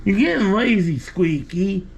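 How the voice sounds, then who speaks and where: A man's voice: high voice, expressive, a little slow, gravelly. A man talking to his pet cat in a casual home video, teasing and affectionate. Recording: dull lo-fi home recording, faint background noise.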